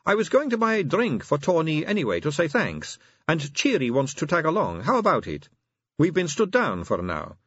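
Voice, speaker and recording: A man reading aloud voices a young female vampire with a probing, gently teasing manner. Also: deep voice, huge pitch swings, normal speed, breathy edge, dry recording, highs cut off, pitched above the performer's own voice, full character voice. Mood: earnest. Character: sharp-eared young female vampire, coaxing.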